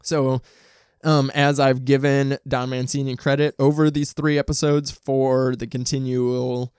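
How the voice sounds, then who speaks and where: A man's voice: medium pitch, slow, darkish tone, clean tone, no echo, clean studio sound. A man casually talking through a film review, chatty and enthusiastic with frequent ums and likes, at home. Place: home, dog nearby.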